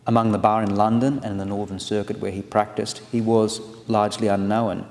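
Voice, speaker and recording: A man in his forties giving a formal, scholarly lecture on legal history, measured and read from a paper. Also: lowish voice, flat delivery, darkish tone. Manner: measured, scholarly delivery with occasional restarts. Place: large lecture hall. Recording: long reverb of a lecture hall.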